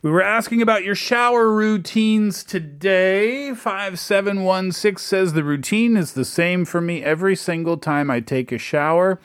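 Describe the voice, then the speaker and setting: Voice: mid-range voice, moderate pace, few pauses, smooth, no room sound. A playful radio host who moves the show along, reads messages aloud and teases the co-hosts with questions. The voice sits mid-range, recorded dry and close in the studio. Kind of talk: radio talk show hosting.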